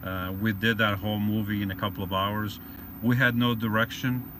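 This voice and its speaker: A man's voice: on the low side, level tone, moderate pace, noisy background. A man hosting a casual livestream from his van, reading out viewer greetings and rambling with jokes. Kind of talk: casual live-stream chat. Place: van or vehicle.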